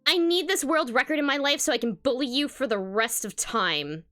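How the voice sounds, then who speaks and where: Woman voicing a brash speedrunner girl, loud and high, full of swagger. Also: lively intonation, normal speed. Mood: triumphant. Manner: shouting, boastful. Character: cocky young woman speedrunner yelling triumphantly.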